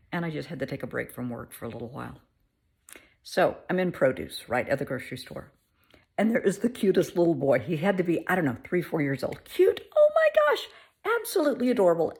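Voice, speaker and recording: A woman in her fifties, a therapist, telling an everyday story to camera in an animated, earnest way. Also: deep voice, a little fast, vocal fry, husky. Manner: animated, warm-hearted storyteller.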